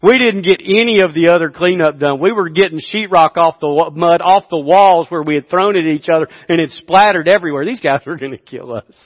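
A man in his fifties preaching a sermon, telling a story and swinging from quiet asides to loud bursts. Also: on the high side, fairly quick, few pauses, big-room sound, lo-fi sound. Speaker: pastor.

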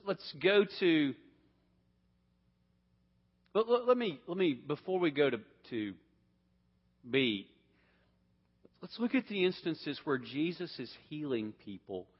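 A man leading an interactive Bible class, asking the group questions and often restarting his sentences. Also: a little high. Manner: asks questions, repeats words, restarts often. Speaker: Bible teacher. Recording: dull sound with long hall reverb.

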